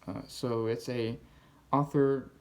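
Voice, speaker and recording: Slow and a little mellow, a man with a steady mid-range voice hosts a casual BookTube video. He talks through the books he plans to read, rambling with many fillers and false starts.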